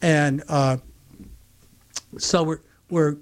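A middle-aged man with a slightly higher voice spins a rambling story as a radio guest. He talks chattily, repeats his words and breaks into quick laughs. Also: steady tone. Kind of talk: casual storytelling.

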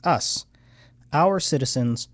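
A man's voice: a little high, expressive, slow, no echo. An American man hosting a casual livestream, rambling and frustrated, his voice swinging up into heated outbursts. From United States. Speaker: livestream host. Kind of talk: casual political livestream rant.

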